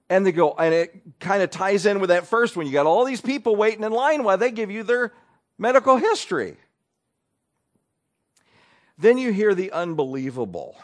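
Folksy, wry preacher man. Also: high voice. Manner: folksy, wry, acts out people's voices. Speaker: pastor. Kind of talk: conversational sermon.

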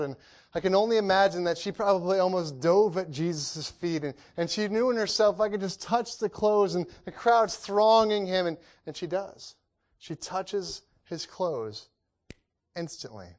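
Male preacher, slightly high voice; earnest, repetitive, builds loud then drops quiet. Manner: earnest, repetitive, rhetorical questions, frequent restarts; swings between loud emphasis and hushed lows. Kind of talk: sermon.

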